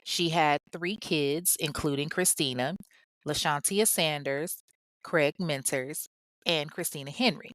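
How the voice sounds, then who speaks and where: A woman's voice: low voice, measured pace, fairly bright tone, no room sound, clean studio sound. A woman hosting a true crime show, retelling a case in a conversational way full of asides. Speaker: host.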